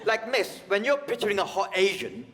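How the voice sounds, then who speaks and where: A man's voice: high-pitched, sing-song, moderate pace, a bit bright. A stand-up comedian, a man, talking conversationally and teasing the audience on a large theatre stage. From United Kingdom. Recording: long hall reverb.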